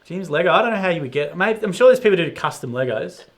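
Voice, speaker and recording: A man's voice: on the high side, animated, rapid-fire. An Australian man hosting a casual live Q&A, reading out viewer questions in an upbeat, chatty way and laughing easily.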